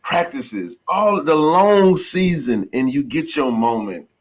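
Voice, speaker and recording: A man's voice: fairly high pitch, expressive, takes it slowly. A man hosting a call-in sports podcast, talking emphatically and preachily, dropping "bro" and "man" often. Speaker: podcast host. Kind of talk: casual call-in chat.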